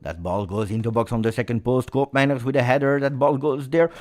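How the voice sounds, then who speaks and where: Excitable football reactor. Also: male voice, medium pitch, fairly quick, hardly any pauses. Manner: animated, swings from muttering to shouting. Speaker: live match watch-along host. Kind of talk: live football reaction commentary.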